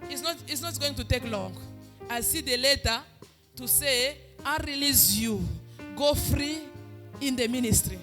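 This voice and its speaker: A woman's voice: high-pitched, a little slow. Fervent female prophetess, sing-song prayers over heavy music. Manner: fervent, half-sung declarations. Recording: loud music behind.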